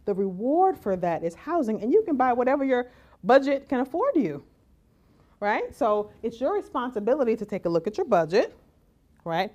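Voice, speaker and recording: A woman giving a lively conference talk as keynote speaker, often asking "right?" and acting out the voices she quotes. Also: on the high side, normal speed, highs cut off. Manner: animated, acts out quoted voices, rhetorical "right?".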